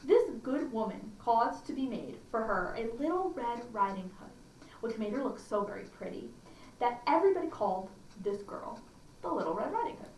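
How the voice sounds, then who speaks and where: A woman's voice: a little high, big pitch swings, moderate pace, a little mellow. A woman hosting a library storytime, chatting and reading a fairy tale aloud with fillers and restarts. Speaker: children's librarian. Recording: roomy echo, distant mic, faint hum.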